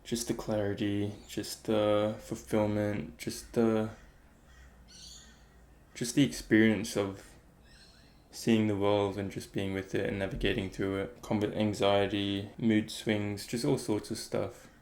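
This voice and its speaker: A low-voiced man with a gravelly edge talks in a flat, even tone. He muses aloud in a relaxed, reflective way, wandering through his thoughts with plenty of fillers. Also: slow. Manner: rambling, thinking aloud with many fillers. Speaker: meditation vlogger. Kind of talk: casual reflective talk.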